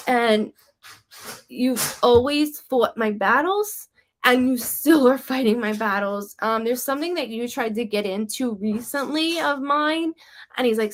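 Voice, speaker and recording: A woman psychic medium does casual readings on a live stream, relaying messages from spirits to viewers. Her voice is on the high side and unhurried, and she rambles chattily with plenty of "like" and "um."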